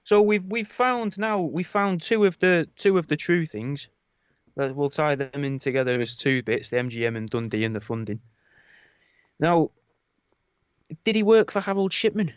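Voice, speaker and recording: A man co-hosting a podcast, telling stories in a rambling, deadpan, casual way. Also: a little high, normal speed, smooth, no echo, lo-fi sound. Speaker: podcast co-host. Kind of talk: casual comedic chat.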